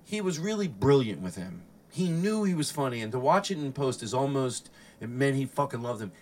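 Animated, rambling comedian host. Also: male voice, medium pitch, a little fast, distant mic. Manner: profane, rambling, acts out quotes. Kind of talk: casual storytelling chat.

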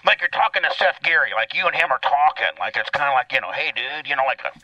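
A man on a radio show, mocking and coaching someone in lively on-air banter. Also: medium pitch, fast, highs cut off. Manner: mocking, animated. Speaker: radio co-host. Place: radio studio.

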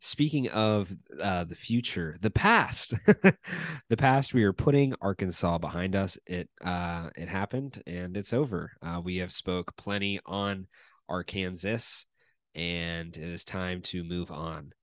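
A young man hosts a casual sports podcast and talks in a very deep register. His chat is upbeat and loose, with frequent fillers. The sound is dry and close to the mic. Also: measured pace, dry recording. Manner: upbeat, announcer-like welcome, relaxed chat with fillers. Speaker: podcast host.

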